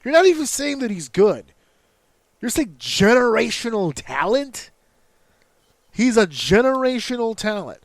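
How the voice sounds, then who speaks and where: Animated, foul-mouthed podcast host, higher voice. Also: male voice, unhurried, pauses often. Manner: profane, animated storytelling with mock outrage. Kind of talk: casual wrestling chat.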